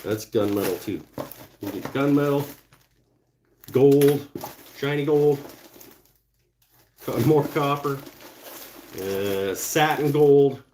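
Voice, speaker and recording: A man hosts a relaxed live stream from his home workshop, speaking slowly and thinking aloud. He reads out viewer comments and mutters to himself as he works. His voice sits at an ordinary middle pitch, with a faint hum of noise behind him. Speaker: woodturning livestream host.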